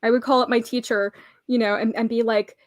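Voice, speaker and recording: Woman, fairly high voice, casual livestream chat, chatty and laughing, dry close recording. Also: flat delivery, a little fast, no echo. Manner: chatty, laughs often, precise about grammar. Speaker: paralegal co-host.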